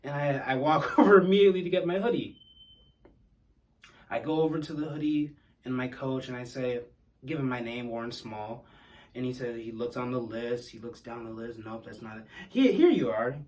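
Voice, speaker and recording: A man recounts a personal story in a relaxed, wry tone, poking fun at himself. His voice sits at an ordinary middle pitch. It comes across a little distant from the microphone. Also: moderate pace. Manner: wry, self-deprecating humor.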